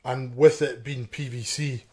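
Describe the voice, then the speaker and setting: A man's voice: mid-range voice, steady tone, a little slow, dark tone. A man co-hosting a podcast, speaking in easygoing casual chat, chuckling often and restarting with fillers. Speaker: podcast co-host.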